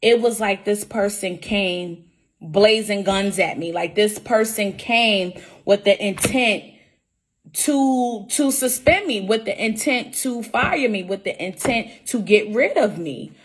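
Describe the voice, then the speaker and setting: A woman's voice: mid-range voice, slow. A young woman speaking straight to her viewers about being suspended at work, earnest and repeating herself as she goes over each point. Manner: repetitive, earnest, often restates her point. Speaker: employee telling her story. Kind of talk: emotional personal account to camera.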